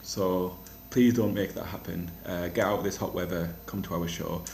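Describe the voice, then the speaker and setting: A young man talks through his week in a loose, self-mocking ramble, tripping over restarts. His voice sits low, and the room around him rings with echo. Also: fairly even intonation, normal speed, gravelly, darkish tone, a little hiss or hum. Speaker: comedian vlogger. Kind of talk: casual rambling vlog. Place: rented flat. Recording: echoey room.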